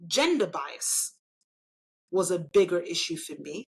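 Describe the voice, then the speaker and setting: A woman's voice: on the low side, sing-song, a little slow, gravelly, a little mellow, husky, poor audio. Emphatic woman making her case. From Nigeria. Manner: emphatic, persuasive, often tags points with "right?". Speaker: interview guest, engineer and elected official. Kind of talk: conversational interview.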